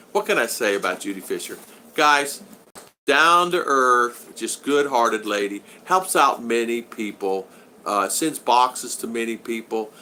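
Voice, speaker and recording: An American man chats casually on a live stream from his home in the Philippines, welcoming viewers one by one. His voice is bright and his pitch jumps around a lot as he rambles between shout-outs. A faint background noise sits under the talk.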